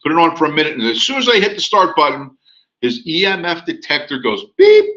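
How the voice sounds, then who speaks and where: A man whose voice leans high relates a real estate tale in a lecture, a little fast, acting out each line of dialogue with animated flair. The recording sounds muffled.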